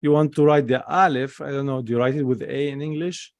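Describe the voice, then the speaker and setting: A man's voice: medium pitch, steady tone, fairly quick, a little mellow, no room sound. A man teaching a Hebrew class over a video call, patiently spelling out letters and vowels.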